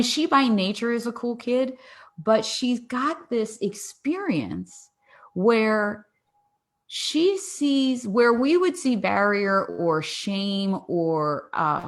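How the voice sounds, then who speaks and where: A woman in her forties, a podcast guest, telling a family story in a lively way, acting out dialogue and often laughing. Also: lowish voice. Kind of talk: casual interview storytelling.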